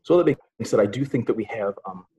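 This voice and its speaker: A man's voice: on the low side, lively intonation, fast, mellow, lo-fi sound, slight background noise. A middle-aged man, a college English instructor, giving a casual webinar presentation in a chatty way, full of filler sounds and dry sarcastic asides.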